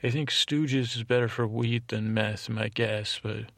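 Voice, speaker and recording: Man, sleep podcast host, monotone, meandering recap, dry close sound. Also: medium pitch, a little slow, gravelly, no room sound. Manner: rambling, digressive, with many fillers and restarts.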